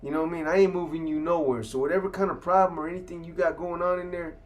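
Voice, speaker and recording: A stern jail guard pitched well above the teller's own speech and pushed louder, firing back in disbelief. A man puts him on as he retells the scene. He sounds dismissive and unbothered, flatly refusing to budge. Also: fast, natural voice. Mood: incredulous, dismissive. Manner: incredulous and dismissive.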